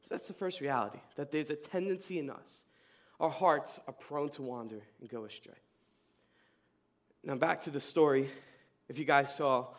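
A young man preaching a casual youth sermon, telling stories in slang with a voice that leaps up high and loud. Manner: animated storyteller, casual slang, voice jumps high and loud in retold scenes. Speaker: youth pastor.

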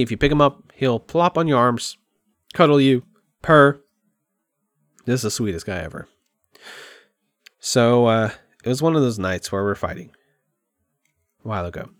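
A man's voice: medium pitch, animated, measured pace, long pauses, no echo, studio quality. A man talking candidly in a rambling, open and emotional way at home, as a podcast host. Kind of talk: candid personal monologue. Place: at home by his computer.

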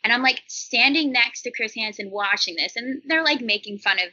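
A chatty woman in her thirties guests on a podcast, her voice sharply bright and slightly high. She rambles through stories packed with "like" fillers. The audio is somewhat dull and lo-fi. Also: moderate pace. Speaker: interview guest. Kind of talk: casual podcast interview.

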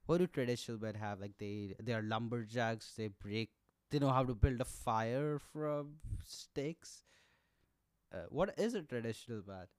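A young man with an Indian accent and a hoarse, coughing throat, ranting sarcastically and profanely in a casual solo podcast. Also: mid-range voice, measured pace, no echo, clean studio sound. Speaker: podcast host.

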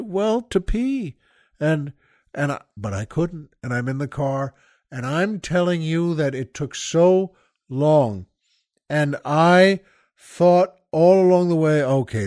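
An older man hosting a podcast, telling a rambling story with many halting restarts and asides to the listeners. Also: on the high side, darkish tone, no echo, clean studio sound. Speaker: podcast host. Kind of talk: casual storytelling monologue.

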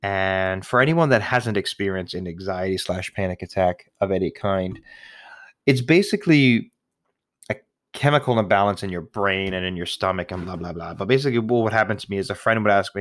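A man's voice: sits low, a little fast, fairly bright tone, dry recording, studio quality. A young man, a new father, talking casually and candidly to the camera, rambling, swearing often and laughing at himself. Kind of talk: casual personal monologue.

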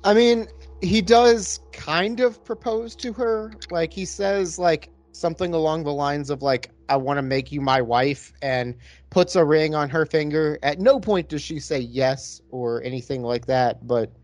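A man's voice: a little high, unhurried, a little mellow, no room sound. A man co-hosting a casual movie podcast who asks questions and adds observations about the film. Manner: inquisitive, asks follow-up questions. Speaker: podcast co-host. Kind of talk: casual movie-review chat.

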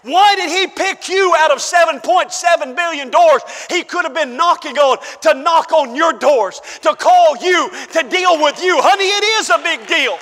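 A very high, bright-toned man preaches in a church, his voice ringing with a long hall reverb. He pushes to fervent shouted peaks, then sinks to hushed asides, calling out to his congregation as he goes. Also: lively intonation, moderate pace, hardly any pauses, some chatter behind. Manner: calls out to the congregation. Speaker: pastor. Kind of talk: sermon.

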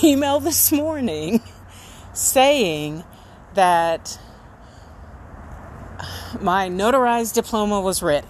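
A young adult woman talking in a casual, self-deprecating video diary, shifting from hushed asides to excited storytelling. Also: mid-range voice. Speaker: vlogger. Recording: faint background noise.

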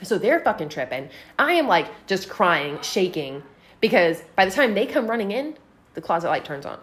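A woman's voice: mid-range voice, normal speed, a little hiss or hum. A woman telling a personal story on a casual podcast, swearing freely and filling her talk with "like". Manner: profane, animated, heavy use of "like".

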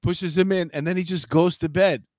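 A man in his fifties co-hosting a casual talk show, telling rambling stories with lots of excitement. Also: sits high, normal speed, dry recording, studio quality. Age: 50s. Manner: animated storyteller, rambling and excitable. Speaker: podcast co-host. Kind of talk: casual banter. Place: Los Angeles.

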